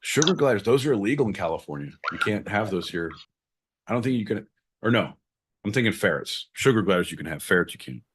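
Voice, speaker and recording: Male podcast host, lowish voice, lively and crude banter. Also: quick pace, background noise. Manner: jokey, animated, crude.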